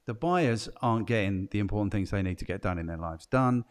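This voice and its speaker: A man's voice: lowish voice, fairly quick. Chatty male podcast host. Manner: chatty, musing, asks guests questions, frequent "do you know what I mean". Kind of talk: casual podcast conversation.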